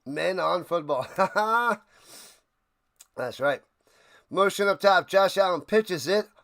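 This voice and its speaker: A man's voice: sits high, lively intonation, slow pace, gravelly, a bit bright. A man hosting a live football watch party, calling plays and making chatty, jokey asides. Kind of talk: casual livestream play-by-play.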